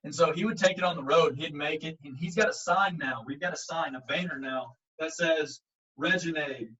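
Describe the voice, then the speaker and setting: Man coach telling a story, bright punchy voice, lots of "like" and "you know", kinda far from the mic, dull audio. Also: on the high side, moderate pace. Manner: animated, acts out quotes, frequent fillers. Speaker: baseball coach. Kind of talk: casual storytelling in an interview. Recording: muffled audio, speaker set back from the mic.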